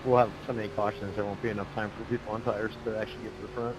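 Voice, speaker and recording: A man on voice chat during a sim race, tossing off quick, clipped remarks. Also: lowish voice, little pitch movement, noisy background. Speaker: fellow sim racer on voice chat. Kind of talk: casual voice chat.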